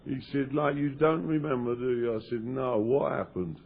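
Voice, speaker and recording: Guy sharing his story at a recovery meeting, average pitch, acts out the dialogue, muffled lo-fi tape. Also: steady tone, normal speed, vocal fry, husky. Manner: storytelling, acts out quoted dialogue in raised voices. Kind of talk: personal recovery story told to an audience. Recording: dull lo-fi 1992 tape of a live talk.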